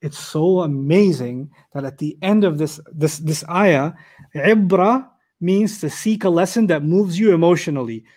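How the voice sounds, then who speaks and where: Animated higher-pitched man teaching Quran. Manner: animated, asks rhetorical questions, recites Arabic quickly. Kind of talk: lecture on Quranic verses.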